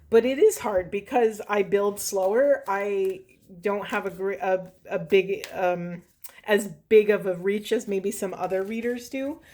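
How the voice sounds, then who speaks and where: A woman tarot reader in her thirties, talking to her viewers in an earnest, gently emotional way with many fillers. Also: mid-range voice. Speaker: tarot reader and spiritual coach. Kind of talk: casual spiritual reading monologue.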